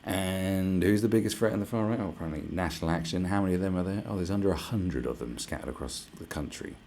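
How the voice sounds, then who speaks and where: A man's voice: low voice, quick pace, a little mellow, a little hiss or hum. A man hosting a live stream, ranting casually with lots of swearing and sarcastic asides. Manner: profane, sarcastic, mocks others in put-on voices.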